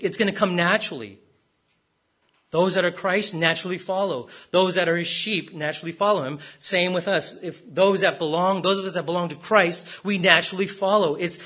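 A man's voice: high voice, bright, forceful tone. A man preaching a sermon as pastor, stressing words and repeating rhetorical questions.

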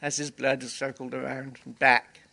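Bright-voiced pastor preaching earnestly. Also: male voice, mid-range voice, flat delivery, normal speed, creaky. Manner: earnest storytelling with emphatic repetition. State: sniffling, teary. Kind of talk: communion sermon.

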